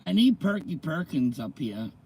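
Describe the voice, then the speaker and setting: A man's voice: fairly high pitch, very animated, moderate pace, darkish tone, breathy edge, rough recording. A middle-aged man hosting a casual livestream, chatting with viewers, greeting them by name and reading slang terms aloud. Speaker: livestream host.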